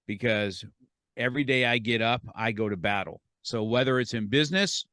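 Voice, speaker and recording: A man's voice: mid-range voice, normal speed, fairly bright tone, dry recording. A middle-aged man who is a podcast guest, telling a story animatedly, repeating words and quoting himself and others.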